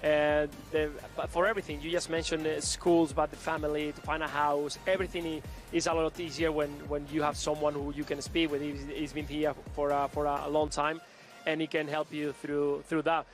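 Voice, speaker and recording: A man speaking as a football pundit, halting with many restarts and fillers. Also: a little high, flat delivery, soft background music. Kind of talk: live pre-match punditry.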